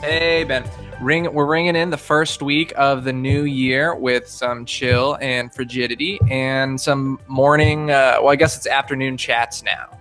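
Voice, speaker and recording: Bright-voiced chatty podcast host. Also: male voice, mid-range voice, steady tone, a little slow, faint music behind. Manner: chatty, rambling storyteller with frequent fillers. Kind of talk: casual chat. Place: home recording setup, drinking beer on air.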